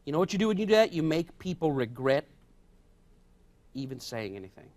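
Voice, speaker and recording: A man's voice: fairly high pitch, sing-song, brisk, darkish tone. A male pastor preaching a sermon in an emphatic way, repeating his key points.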